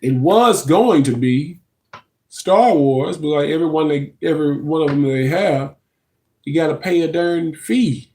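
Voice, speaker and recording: A man's voice: a little slow, dark tone. Chatty man on a livestream. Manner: chatty, talks to viewers as y'all, drops into high sing-song bits. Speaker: livestream host. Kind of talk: casual livestream chat.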